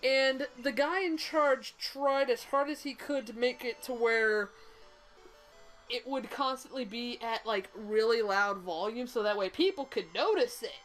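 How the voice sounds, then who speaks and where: A woman's voice: a little high, unhurried, fairly bright tone, soft background music, poor audio. Blunt young Southern woman rambling. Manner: rambling, blunt, swears freely. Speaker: co-host of a game stream. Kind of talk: casual storytelling chat.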